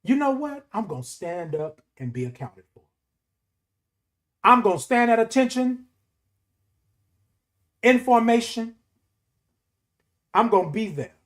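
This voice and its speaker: A man with a notably high voice delivers a motivational morning talk. He presses his points home with emphatic repetition and a preaching rhythm. He sounds middle-aged and speaks as the show's host. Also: animated, unhurried, pauses often.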